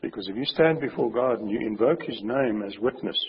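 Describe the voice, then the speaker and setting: A man preaching a sermon with a very husky voice, speaking emphatically and slowing down to stress his warnings. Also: mid-range voice. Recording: dull recording with long hall reverb.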